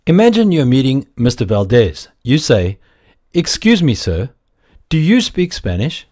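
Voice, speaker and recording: A man giving slow, deliberate, scripted narration as the narrator of a language course. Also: mid-range voice, very animated, a little mellow.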